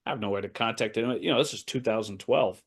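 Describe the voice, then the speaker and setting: Male, 30s, American, podcast guest, lively storyteller who voices other people. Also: on the low side, fast talker, slightly rough. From United States. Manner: animated anecdote-telling, acting out quoted voices, laughs often. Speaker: assistant basketball coach, podcast guest. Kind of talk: casual storytelling in a podcast interview.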